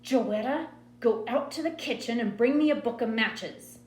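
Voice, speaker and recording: An enraged mother with a Southern accent hisses out slow, clipped orders , voiced by a woman reading a novel aloud. The voice is a little raised and deliberate. It sounds roomy, with a faint hum behind it. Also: on the high side, darkish tone, pitched above the performer's own voice, close to an everyday voice. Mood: cold fury. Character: furious mother, cold and hissing.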